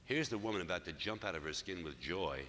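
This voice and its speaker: A man in his sixties, a Catholic priest, telling a story in a sermon, moving between loud emphatic passages and hushed near-whispers. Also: sits low, lively intonation, fast. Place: church hall. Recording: live church talk with long reverb and faint noise.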